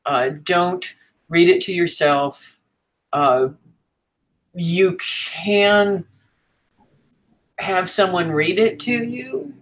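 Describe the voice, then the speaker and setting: A woman's voice: lowish voice, drawn-out words, pauses often, poor audio. Frank, chatty woman teaching writing. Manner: frank and chatty, with fillers and asides. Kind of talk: casual teaching talk.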